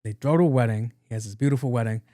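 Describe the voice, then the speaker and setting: Here a male podcast host talks fast, his medium-pitched voice warm, as he recaps a movie in a casual, slangy, profane retelling. The sound is clean studio audio with no room sound.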